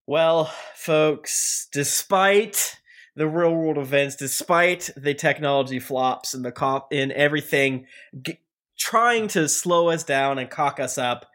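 A man's voice: on the high side, a bit bright. A man hosting a game podcast, rambling and joking through an ad read and the outro. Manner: joking, rambling, quick bursts. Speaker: podcast host. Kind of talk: casual podcast chat and ad read.

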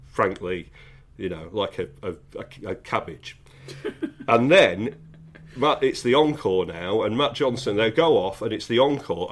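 A man, co-hosting a podcast and telling a long, wry anecdote in casual chat. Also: on the low side. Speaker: podcast co-host.

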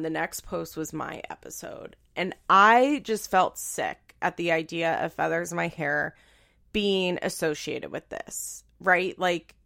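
A young woman podcast host telling a personal story in a chatty, animated way, full of "like". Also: fairly low pitch, creaky. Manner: chatty, fillers of "like", animated retelling. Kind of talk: casual storytelling monologue.

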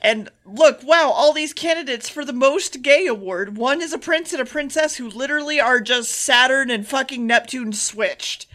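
A woman's voice: high voice, normal speed, few pauses, fairly bright tone. A woman co-hosting a podcast, recapping an anime in a sarcastic, casual way and swearing freely. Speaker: podcast co-host.

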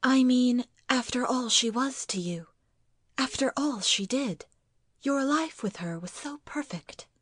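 An anxious young wife, earnest and pleading, her voice lifting high and swinging widely between lines as a woman reads her aloud. The delivery is slow and measured, and the sound is close and dry. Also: lively intonation, no echo.

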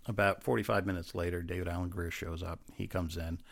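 A man's voice: sits low, flat delivery, quick pace, vocal fry. A man, a former police officer, telling a rambling story in a laid-back way, acting out what people said. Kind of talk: casual storytelling chat.

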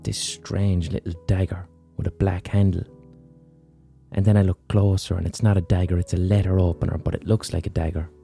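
A man's voice: sits low, level tone, fairly quick, creaky, warm tone, soft background music. A man hosting a podcast, telling a frank, sweary personal story in a casual monologue. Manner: frank and sweary, chatty asides. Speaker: podcast host.

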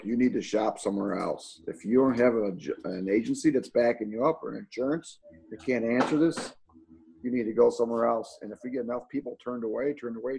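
A man's voice: medium pitch, vocal fry, a little mellow, slight background noise, rough recording. A man co-hosting a casual roundtable, giving blunt, plainspoken practical advice.

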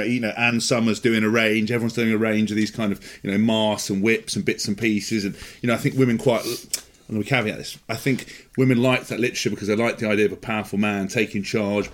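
British man, thirties, podcast co-host, cheeky, laughs often, rambling casual chat. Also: lowish voice. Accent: British English. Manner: cheeky, laughs often, trails off mid-sentence. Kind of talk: casual banter.

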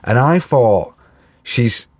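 A man's voice: medium pitch, lively intonation, drawn-out words, darkish tone. A man rambles through a self-mocking story on a casual podcast. His voice rises and falls freely as he goes. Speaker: podcast co-host. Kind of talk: casual chat.

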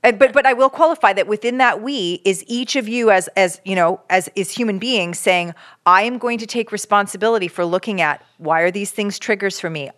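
A woman co-hosting a parenting podcast, explaining advice in an earnest, measured way. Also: on the low side, a bit bright. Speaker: parenting expert co-host. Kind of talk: advice conversation.

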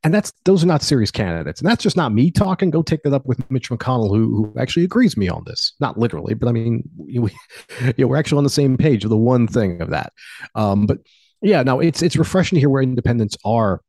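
A man's voice: medium pitch, fast talker, husky, no echo. A man giving opinionated political commentary as a talk show guest, arguing his points with energy. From Pennsylvania. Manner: opinionated, animated argument.

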